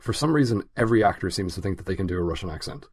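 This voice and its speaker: A man's voice: low-pitched, lively intonation, very fast, a little mellow. A man co-hosting a casual film review podcast, talking hesitantly with many fillers and restarts. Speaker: podcast co-host.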